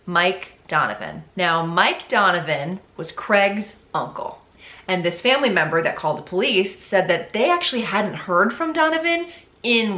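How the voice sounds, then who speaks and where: A young woman tells a true crime story in a casual, blunt way, and she tosses in offhand asides as she goes. Her voice is bright and forward. The room around her is echoey. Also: mid-range voice. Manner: chatty and blunt, with swearing and asides.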